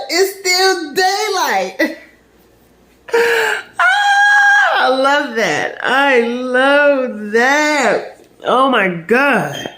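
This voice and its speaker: A young woman talks into her phone camera in a loose, storytelling vlog. Her pitch swings widely as she laughs and acts out other people's lines, swearing freely. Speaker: vlogger. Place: home and car.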